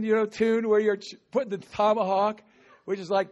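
A man preaching a sermon in an animated, talkative way, calling on the congregation to respond. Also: sits high, normal speed, dull audio. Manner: animated, talkative, with bursts of laughter and call-and-response. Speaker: pastor. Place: outdoor gathering with insects audible. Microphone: no microphone at times.

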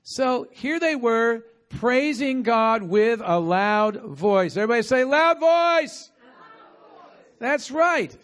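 A man preaching a sermon in an animated, talkative way, calling on the congregation to respond. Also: high-pitched. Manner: animated, talkative, with bursts of laughter and call-and-response. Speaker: pastor. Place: outdoor gathering with insects audible. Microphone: no microphone at times.

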